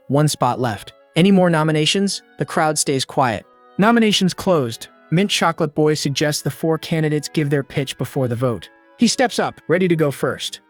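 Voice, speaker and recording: A man narrating a scripted comic recap with slangy, punchy quips. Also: a little high. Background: faint background music.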